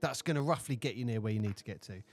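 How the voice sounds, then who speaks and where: A podcast co-host tells stories enthusiastically in casual chat, acting out the lines he quotes. He has a mid-range, slightly rough voice and a racing pace, with faint music playing behind him.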